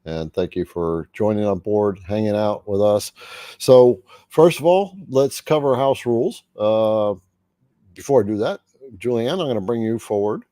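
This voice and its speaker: A man's voice: lowish voice, measured pace, dark tone, no echo. A man hosting a casual livestream, chatting and greeting viewers by name. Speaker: livestream host.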